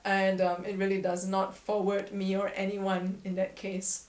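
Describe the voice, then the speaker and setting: A woman voice coach speaking in a candid, reflective vlog voice at a middle pitch. She laughs at herself now and then, and her voice rings in a roomy, echoey space. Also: monotone, a little slow, darkish tone. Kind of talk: casual vlog talk to camera. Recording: echoey room.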